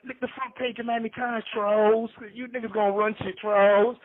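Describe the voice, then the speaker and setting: A man's voice: very high voice, steady tone, fast, slight background noise. A man telling rambling street stories as a podcast guest, slangy and jumping between names. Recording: tinny phone line.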